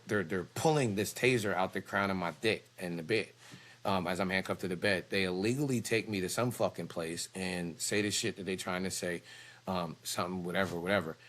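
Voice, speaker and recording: A male preacher, telling a personal story in a heated, profane and animated way. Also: deep voice, brisk. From Philadelphia.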